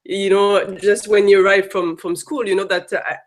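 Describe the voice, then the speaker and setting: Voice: medium pitch, level tone, moderate pace. Hesitant interviewer with many fillers. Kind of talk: interview questions.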